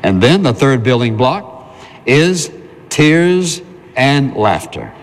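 A male pastor preaches slowly in a sing-song, mid-range voice, talking conversationally and answering the questions he puts to his congregation. The sound is that of a big room.

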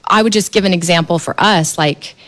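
A woman guest on a talk show, animated and explanatory, chiming in often. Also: on the low side, brisk. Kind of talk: conversational interview.

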